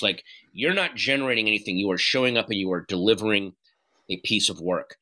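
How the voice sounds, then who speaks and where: A man being interviewed, speaking candidly and earnestly in halting bursts, with frequent restarts and some swearing. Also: lowish voice. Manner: earnest, halting, profane, animated retelling. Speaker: guest.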